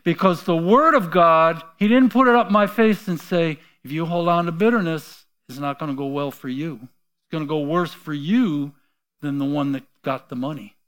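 The speaker is a middle-aged pastor giving a sermon built around a personal story, in which he voices the people he quotes. His somewhat high voice keeps a moderate pace, veering from quiet asides to loud outbursts.

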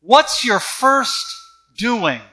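A man's voice: extremely high pitch, very animated, extremely slow, bright, forceful tone. A man preaching a sermon with an emphatic, repetitive cadence.

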